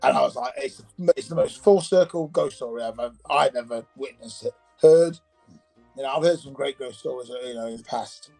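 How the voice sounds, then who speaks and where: A man casually telling a personal ghost story, animated and acting out the voices in it, with faint music behind. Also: mid-range voice, normal speed, gravelly, low-quality recording.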